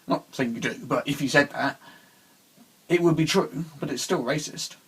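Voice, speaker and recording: A young Englishman with a slightly raised, husky voice, chatting on camera. He talks in a loose, halting way, restarting sentences and laughing often. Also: a little high, fairly bright tone, low-quality recording. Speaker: co-host. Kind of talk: casual chat.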